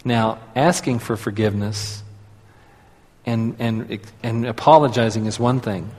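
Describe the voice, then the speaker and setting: A man delivers a sermon in an easy, conversational manner and has the congregation repeat lines back to him. His voice sits at a medium pitch. The sound carries the long reverb of a large hall. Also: a little slow, a little mellow. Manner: conversational, leads audience in call-and-response. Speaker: pastor.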